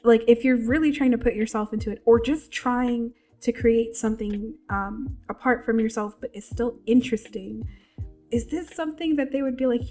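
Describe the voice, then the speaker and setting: A woman's voice: a little high, normal speed, mellow, faint music behind. A congested woman giving a casual tutorial, rambling with lots of fillers and restarts. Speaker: VTuber tutorial creator.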